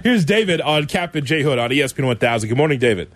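A man hosting a sports talk radio show with lively, joking banter. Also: mid-range voice, quick pace. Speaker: radio host.

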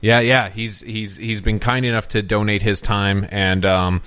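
A man's voice: fairly low pitch, fairly even intonation, measured pace, a bit bright, smooth. A man hosting a film podcast in casual chat, talking in an earnest, rambling, enthusiastic way. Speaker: podcast host.

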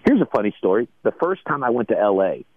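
A man's voice: fairly low pitch, sing-song, fast talker, dry recording. A middle-aged man with a Texan Mexican-American accent, a comedian telling rambling stories on a call-in and repeating his words. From Texas. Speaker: comedian calling in. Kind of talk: casual storytelling on a phone-in. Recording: muffled dry call-in audio.

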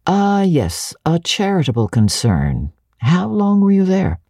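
A woman reading an audiobook, voicing a curt, imperious, brooding gentleman in a gruff manner. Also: on the low side, huge pitch swings, measured pace, dry recording, studio quality, heavily acted.

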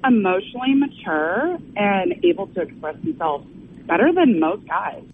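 A woman's voice: mid-range voice, sing-song, normal speed, a little hiss or hum. A woman calling into a radio show, giving hesitant, thoughtful answers over the phone. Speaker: caller. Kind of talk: phone-in tarot reading. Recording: tinny phone line.

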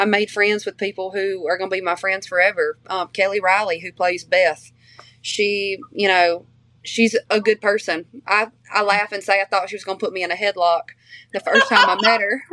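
A woman talks casually in an interview, her strong regional accent coloring every word. She rambles warmly with fillers and false starts at a mid pitch. The sound is close and dry. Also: dry recording. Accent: strong regional accent she shares with her family. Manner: chatty, many fillers and restarts, laughs easily. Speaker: interview guest, country singer.

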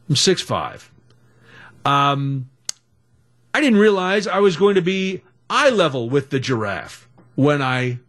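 A middle-aged man hosting a radio talk show, telling a story in a chatty, animated way. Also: on the high side. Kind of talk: casual storytelling.

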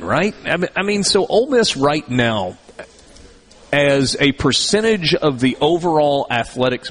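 Chatty middle-aged male sports host. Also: mid-range voice. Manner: talkative, repeats words when starting. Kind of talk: casual sports talk.

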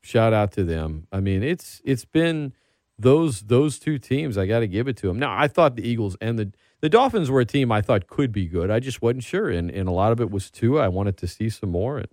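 This podcast host runs a casual sports talk show, rambling and growing animated as he gets worked up. His voice sits on the low side at normal speed, recorded with studio quality and no echo.

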